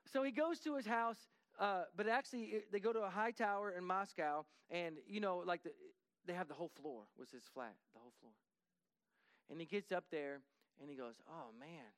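A man with a notably high voice recounts a story in a lively, conversational way. He often restarts and repeats himself. When he voices other people, he drops into a hushed tone. The recording is close and dry, with no room sound. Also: a little fast, smooth, dry recording. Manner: lively, acts out dialogue, drops to a hushed voice for quotes; frequent restarts and repetitions.

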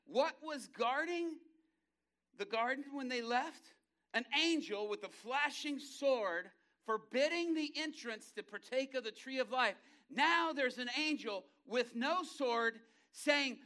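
A male pastor preaching a lively sermon, acting out scenes in voices and ending in a hushed prayer. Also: very high voice.

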